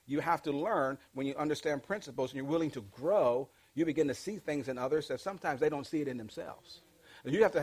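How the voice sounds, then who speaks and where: A man teaching a leadership class, energetic and interactive, calling out questions and pushing the audience to answer back. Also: mid-range voice, breathy edge. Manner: energetic, call-and-response with the audience.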